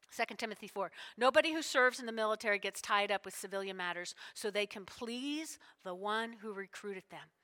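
A woman's voice: mid-range voice, bright, forceful tone. A woman pastor preaching a sermon, emotional and full of call-and-response with her congregation.

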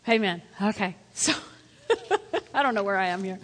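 A woman pastor preaching a lively sermon in church, swinging between loud calls and hushed asides. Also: medium pitch, normal speed. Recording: echoey hall.

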